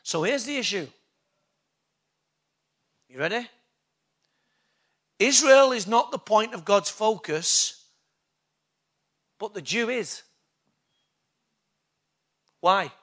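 A man's voice: sits high, lively intonation, slow, long pauses, a bit bright. A man preaching a sermon, emphatic and full of rhetorical questions to the congregation.

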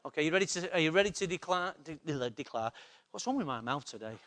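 High-voiced preacher man. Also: lively intonation, fast talker, a bit bright. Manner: emphatic, repetitive, asks the congregation questions. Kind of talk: sermon. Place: church.

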